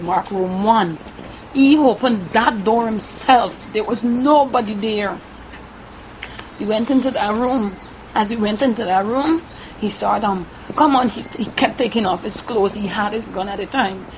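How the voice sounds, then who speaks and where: A woman with a Guyanese Creole accent giving a halting first-person account, often repeating herself and tagging her sentences with "right?". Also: mid-range voice, slight background noise, rough recording. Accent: Guyanese Creole English. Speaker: interviewee.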